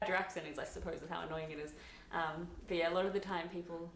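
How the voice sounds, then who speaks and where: Australian woman, lowish voice, chatty and laughing, recorded in an echoey room. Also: fairly even intonation, fast. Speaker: office worker sharing opinions. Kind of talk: casual chat to camera. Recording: roomy echo.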